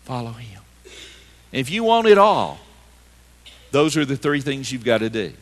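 A man pastor preaching a sermon, emphatic, swinging from loud calls to hushed, quiet lines. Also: mid-range voice, sing-song, normal speed. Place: church sanctuary. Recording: reverberant church sanctuary.

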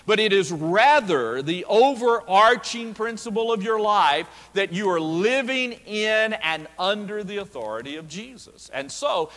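A male pastor delivers a sermon with emphatic, deliberate phrasing, drawing out the quoted lines. His voice sits fairly high for a man. The sound carries a long reverb from a church hall. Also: a bit bright. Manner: emphatic preaching with slow stressed quotations. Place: church sanctuary.

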